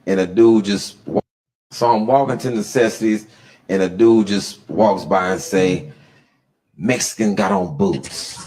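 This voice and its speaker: A man telling a stand-up comedy story, animated, laughing as he goes and acting out the people in it. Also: fairly low pitch, normal speed, low-quality recording. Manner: animated, laughs through his lines, acts out other people's voices.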